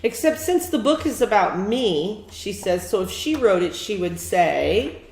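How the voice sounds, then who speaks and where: A woman's voice: medium pitch, very animated, measured pace, a little mellow. A woman teacher giving a one-on-one beginning reading lesson, patient and encouraging, with lots of praise. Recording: echoey room with faint noise.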